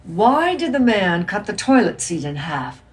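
A woman's voice: medium pitch, sing-song, a little slow, far from the mic, pitched above the performer's own voice. A woman voicing a joking father teasing his small daughter. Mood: playful.

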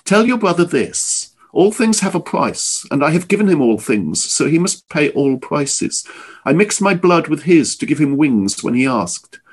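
A sinister old shapeshifter, put on by a man reading aloud, his voice bubbling and scalding like it is near the boil. He mocks, then threatens, pitched well above the reader's own husky voice. Every word lands as a command. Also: big pitch swings, a little slow, full character voice. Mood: menacing. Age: older. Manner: menacing, commanding.

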